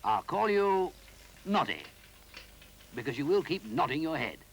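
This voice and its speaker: A fussy, cross brownie who talks in a brisk, bossy way, voiced by a man reading a storybook. He scolds easily and lectures the people around him. His voice rises and falls a lot. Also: fairly high pitch, very animated, slight background noise, voice pushed up. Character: Big Ears, cross fussy old brownie.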